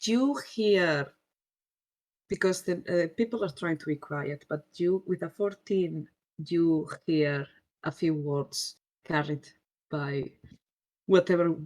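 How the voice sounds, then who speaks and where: A woman's voice: low voice, slow, darkish tone. A woman narrating as game master in a tabletop game, hesitant and searching for words, often giggling.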